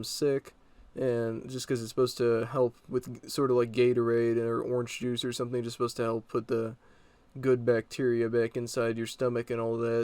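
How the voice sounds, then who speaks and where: A man's voice: mid-range voice, a little mellow, clear, resonant tone, dry recording. Rambling young man telling a story. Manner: rambling, exasperated, with fillers. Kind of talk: casual storytime narration.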